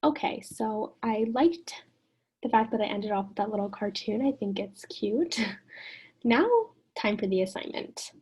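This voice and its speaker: A woman teaching an online lesson in a gentle, encouraging way, often putting questions to the listener. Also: mid-range voice, unhurried, breathy edge.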